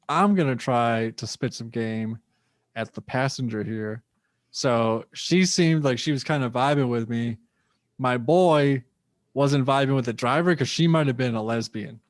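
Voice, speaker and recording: A young man spins a rambling, profane story as a podcast guest. His voice sits in a middle pitch, recorded dry and close with no room around it. He acts out the lines of the people in his tale. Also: dry recording. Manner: loose, profane storytelling with acted-out quotes. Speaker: comedian guest. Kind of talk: casual storytelling.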